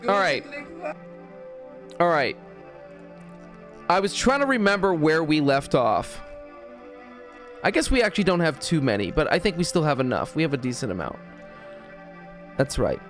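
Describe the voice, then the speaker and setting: A man's voice: on the high side, big pitch swings, normal speed, pauses often, a bit bright, faint music behind. A man casually chatting as a streamer reacting to clips, rambling and swearing as he goes.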